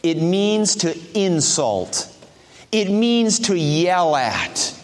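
A male pastor preaches a sermon and keeps asking his congregation direct questions. His voice is notably high for a man. A long reverb rings after his phrases, as in a large church sanctuary. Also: sing-song, extremely slow.

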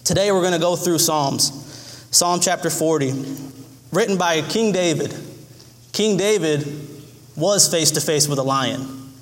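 A man's voice: unhurried, pauses often, long reverb tail. A man preaching a sermon in an earnest way, often repeating his phrases. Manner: earnest, repeats phrases, acts out cries in a high voice.

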